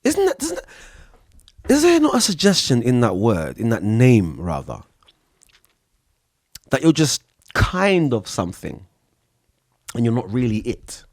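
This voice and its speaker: A man's voice: medium pitch, wildly swooping pitch, a little slow, pauses often, no room sound, studio quality. A man hosting a solo podcast, talking in an impassioned, profane way and jumping between topics. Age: adult with an older son. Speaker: podcast host.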